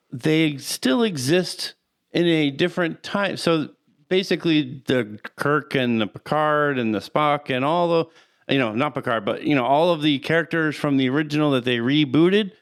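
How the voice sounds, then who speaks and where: A man co-hosting a casual podcast, explaining things patiently with halting restarts. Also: a little high, smooth. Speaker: podcast co-host. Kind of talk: casual chat.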